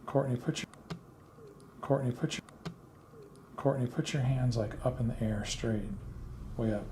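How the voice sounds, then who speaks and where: A man running a ghost hunt, steering his team and calling out firm commands into the dark. He sits at a middle pitch. The room echoes around him, with heavy noise underneath. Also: a little slow. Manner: calls out commands to spirits. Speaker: paranormal investigator. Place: old building indoors. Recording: echoey with loud background noise.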